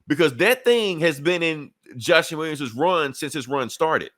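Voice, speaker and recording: A man's voice: fairly high pitch, animated, a bit bright, no echo. A man hosting a comic book podcast, chatting loosely and swearing as he retells events. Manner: loose, profane storytelling with quick acted-out quotes. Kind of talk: casual chat.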